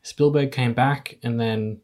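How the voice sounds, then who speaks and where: A man hosts a casual film-review podcast at an ordinary mid pitch. He talks in an easygoing, slightly hesitant way, often pausing on fillers and chuckling. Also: steady tone, a little mellow, slight background noise. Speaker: podcast host.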